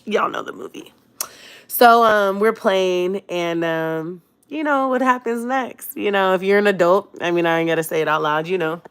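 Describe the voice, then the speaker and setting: A woman talking straight to her viewers, spinning a personal story. She is animated and slangy, full of asides, laughing often and dropping from hushed tones to loud bursts. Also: mid-range voice, normal speed, few pauses, clean tone. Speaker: vlogger.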